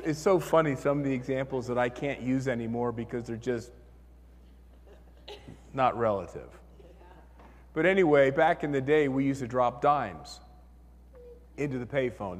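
A man preaching a sermon as pastor, telling a story in an animated way and acting out the voices in his head. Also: mid-range voice, moderate pace, long pauses, long reverb tail, a little hiss or hum.

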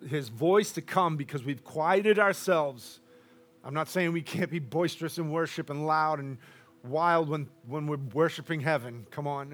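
Boisterous man preaching a sermon. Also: on the high side. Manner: loud and boisterous, drops to a hush at times.

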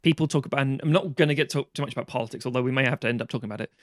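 A man's voice: medium pitch, very fast, no room sound, clean studio sound. An English man co-hosting a casual film chat, ranting in a sardonic, sweary way. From England. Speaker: podcast co-host. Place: Norwich.

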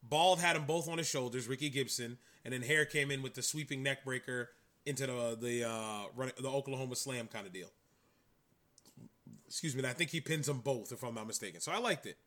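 A man's voice: mid-range voice, brisk, a bit bright. A man co-hosting a podcast, chatting in a rambling, enthusiastic way. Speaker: podcast co-host. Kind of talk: casual chat.

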